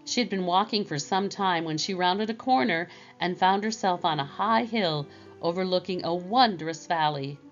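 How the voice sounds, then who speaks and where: A woman narrating a children's storybook in a slow, gentle reading manner. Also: on the low side, dull audio, faint music behind.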